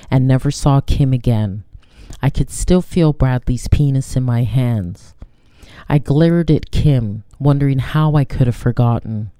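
A woman reading her own personal story aloud in a measured, even storytelling manner. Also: rumbling low, clear, resonant tone, no room sound.

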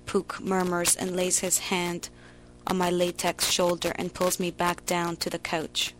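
A woman giving a slow, emotional, theatrical reading of a first-person story. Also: on the low side, completely flat delivery, noisy background. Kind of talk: dramatic literary reading.

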